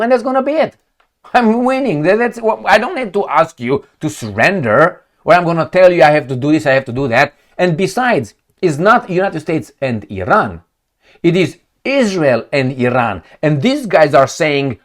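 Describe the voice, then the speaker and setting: A man's voice: high-pitched, sing-song, normal speed. A man giving a heated, profane, sarcastic political commentary, reading news lines aloud and mocking them. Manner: reads news excerpts aloud, mocks with put-on quotes. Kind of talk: ranting video commentary.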